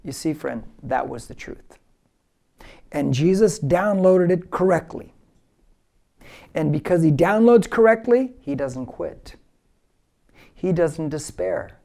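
Male pastor preaching hard, gravelly and dark-toned, gets folks repeating lines back. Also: a little high, expressive, slow, long pauses. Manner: emphatic preaching, leads the audience in repeating phrases. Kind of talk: verse-by-verse sermon.

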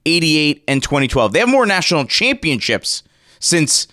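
A man hosting a sports radio show from a studio, energetic and rattling off stats and rankings. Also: on the high side, moderate pace, dry recording. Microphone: studio microphone.

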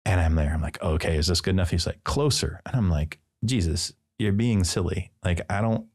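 A man's voice: sits low, fairly even intonation, brisk, a little mellow. A man, a priest and podcast guest, telling a personal story in casual conversation and acting out the dialogue with playful asides. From Midwestern United States.

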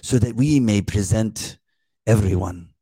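A man imitating a slow, sleepy older male Bible reader with a put-on Irish-sounding accent. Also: on the low side, warm tone, slightly rough, dry recording, clean studio sound. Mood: solemn. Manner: slow, sleepy, meditative reading.

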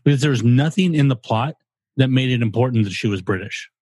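A man's voice: medium pitch, a little fast, a little mellow, slightly rough, no echo. A man co-hosting a podcast, casual and blunt, voicing strong opinions with some swearing. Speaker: podcast co-host. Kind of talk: casual chat.

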